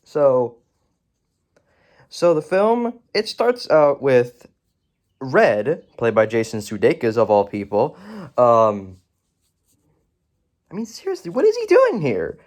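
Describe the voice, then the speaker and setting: A man talks through a movie review in a loose, rambling way, often starting a word and then correcting himself. His pitch swings sharply up and down from phrase to phrase, giving the talk a lively, animated feel. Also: takes it slowly, pauses often. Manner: rambling, with self-corrections and asides. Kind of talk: casual video review.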